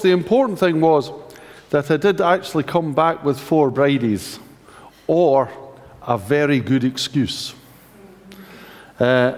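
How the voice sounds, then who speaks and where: A man's voice: mid-range voice, darkish tone, big-room sound. A man with a Scottish accent preaching a sermon, telling a personal story with dry humor and rhetorical questions. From Scotland.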